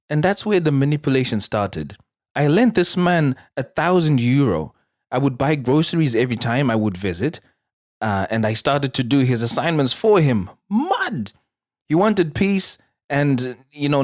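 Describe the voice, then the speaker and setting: A man hosting a casual podcast, reading out a listener's story and breaking in with animated, laughing reactions. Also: medium pitch, moderate pace, no room sound, clean studio sound.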